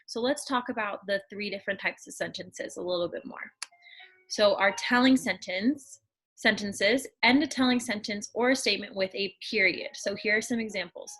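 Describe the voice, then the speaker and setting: A woman teaching a lesson to young children, explaining slowly and patiently, step by step. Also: mid-range voice, a bit bright, rough recording.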